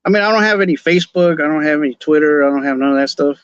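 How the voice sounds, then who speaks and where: A Chicano man from Los Angeles chats loosely on his podcast stream, speaking in a slightly higher voice and tripping over his own restarts. The sound is dry and a bit dull. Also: rapid-fire, smooth, no room sound. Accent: Chicano English. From Los Angeles, California. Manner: laid-back slangy talk, many restarts and repeated words. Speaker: podcast host. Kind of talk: casual live-stream chat.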